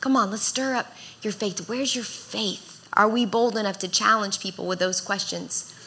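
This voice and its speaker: Bright-voiced woman preaching earnestly. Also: medium pitch, moderate pace. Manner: earnest, exhorting, rises in intensity. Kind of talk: sermon.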